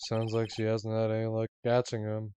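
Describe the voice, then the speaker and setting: A man voicing a frantic, exhausted woman who pants and yells in short bursts while reading game dialogue aloud. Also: completely flat delivery, normal speed, slight background noise, lightly acted. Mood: panting. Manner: panting, shrill, yelling in bursts. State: out of breath. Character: frantic exhausted middle-aged woman, out of breath.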